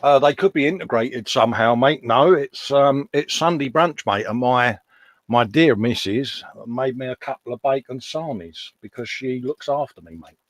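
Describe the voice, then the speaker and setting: A man's voice: mid-range voice, moderate pace, no echo. A man in his fifties chatting casually on a live stream, self-mocking and jokey, calling everyone mate. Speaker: co-host.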